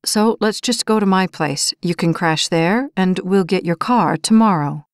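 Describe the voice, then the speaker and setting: A woman reading an audiobook, voicing a pushy young man who talks slow and low to coax his date. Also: no echo, clean studio sound, close to an everyday voice. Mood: dismissive. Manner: slow, low and coaxing, then dismissive.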